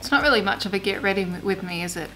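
Doing her makeup for a get-ready-with-me vlog, a beauty vlogger talks in a rapid-fire, sharp, mid-range voice over faint music. She's chatty and self-mocking, cursing when things frustrate her.

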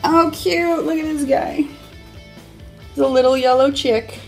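A woman's voice: high voice, steady tone, unhurried, soft background music. Playful chatty woman unboxing toys. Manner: playful and chatty, with silly sound effects. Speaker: toy unboxing host. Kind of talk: casual unboxing chat.

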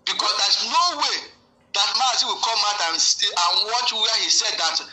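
A man's voice: high voice, moderate pace, sharp tone. A man, a guest giving heated political commentary, ranting with many repeats and restarts. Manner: ranting, repetitive, full of restarts. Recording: echoey room.

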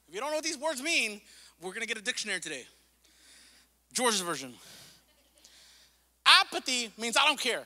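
A man's voice: very high-pitched, very animated, brisk, long pauses, bright, forceful tone, big-room sound. A male pastor preaching a sermon with impassioned repetition, mixing in casual slang and asides. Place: church sanctuary.

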